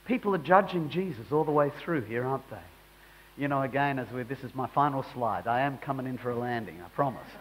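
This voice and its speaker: A man's voice: mid-range voice, lively intonation, a little fast, breathy edge, highs cut off. A man preaching a sermon in a conversational way that rises into emphatic bursts.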